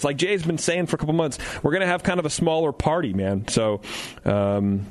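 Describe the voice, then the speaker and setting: A man's voice: fairly high pitch, a little fast, hardly any pauses. A man hosting a radio show in a studio, joking loosely, swearing freely and doing casual live ad reads. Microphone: studio microphone.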